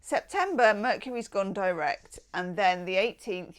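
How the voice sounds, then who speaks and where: A woman's voice: mid-range voice, animated, a little slow, few pauses, smooth. A woman giving a tarot reading in a casual, enthusiastic and affectionate way, with chatty asides. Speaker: tarot reader.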